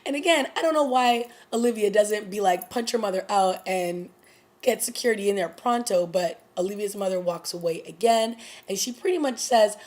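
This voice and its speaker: A woman's voice: mid-range voice, moderate pace, a little mellow. Casual female vlogger, 30s, chatty review voice that jumps up when she exclaims. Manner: chatty, exclaims and acts out quotes. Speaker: TV recap vlogger.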